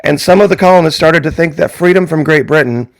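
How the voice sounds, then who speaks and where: A man's voice: on the high side, fast talker, no room sound, studio quality. A man giving a political opinion monologue as a commentator, talking emphatically and asking the audience rhetorical questions.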